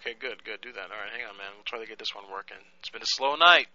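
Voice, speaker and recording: A man's voice: lowish voice, fast talker, sharp tone, muffled recording. A man hosting a prank-call radio show, talking in loose, profane banter and laughing easily.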